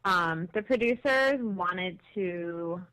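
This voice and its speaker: A woman's voice: lowish voice, slow, fairly bright tone, low-quality recording. A woman interview guest talking candidly about her experience on a reality show, in casual storytelling.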